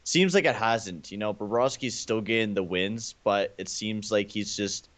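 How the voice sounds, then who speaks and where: A man's voice: fairly low pitch, normal speed, a bit bright. A man co-hosting a casual hockey chat show, rambling through his points with lots of "like" and "right?". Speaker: co-host.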